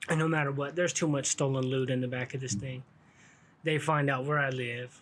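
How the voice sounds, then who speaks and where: A man's voice: mid-range voice, steady tone, fairly quick, a bit bright. A middle-aged man telling a rambling story about his past, full of street slang and restarts. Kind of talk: casual storytelling.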